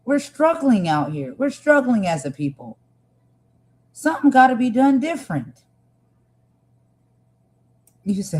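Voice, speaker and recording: A woman's voice: on the high side, big pitch swings, measured pace, pauses often, a little mellow. A woman hosting a livestream, talking earnestly and with passion to her viewers. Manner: earnest, impassioned, talks to viewers directly. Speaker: livestream host. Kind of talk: emotional livestream commentary.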